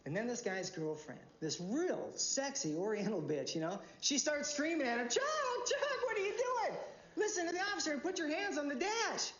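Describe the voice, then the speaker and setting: An actor playing a brash cop telling a crude, loud war story. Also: male voice, extremely high pitch, big pitch swings, moderate pace, slight background noise, exaggerated voice. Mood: boastful. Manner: loud, swaggering anecdote. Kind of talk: film dialogue. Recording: dull, echoey film audio.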